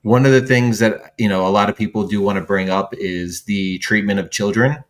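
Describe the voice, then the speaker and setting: A man hosting an interview, asking questions in a relaxed, hesitant way and sharing his own memories. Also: lowish voice, brisk. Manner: relaxed, hesitant with fillers and brief laughs. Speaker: interview host. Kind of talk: conversational interview.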